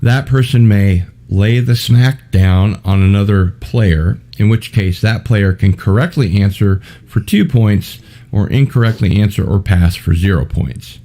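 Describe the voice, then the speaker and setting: A man's voice: on the low side, measured pace, warm tone. A man hosting an online trivia game, chatty and joking, laughing often as he reads out the rules and questions. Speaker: host of a trivia game show.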